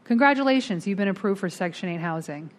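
A middle-aged woman tells her recovery story to a twelve-step group. She talks plainly and candidly, at a pitch in the middle of the range for women. She brings her story to life by acting out what everyone said. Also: normal speed. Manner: candid, animated, acts out quoted voices.

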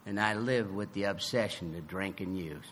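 Man, recovery meeting speaker, bright tone, slow and deliberate, long hall reverb. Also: low voice, slight background noise. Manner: animated storytelling, acting out both sides of dialogue; emphatic, swings from loud to soft. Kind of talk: personal recovery testimony.

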